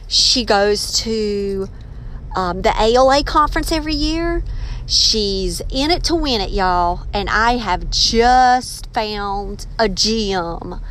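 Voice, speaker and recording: A woman's voice: a little high, fairly bright tone, a little hiss or hum. A woman hosting her own podcast, telling a story casually and animatedly, acting out the voices she quotes. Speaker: podcast host, author and ninth-grade teacher.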